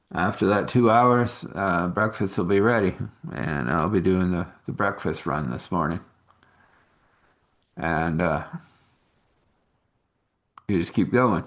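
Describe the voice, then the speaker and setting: A man's voice: low-pitched, fairly bright tone. A man telling a rambling, homely story in a casual way, chuckling often.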